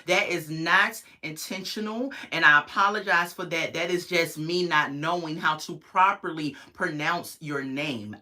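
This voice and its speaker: A woman's voice: sits low, sharp tone. A woman, casually reviewing a reality show on a livestream and chatting with her viewers. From United States. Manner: chatty, opinionated, talks to viewers in chat.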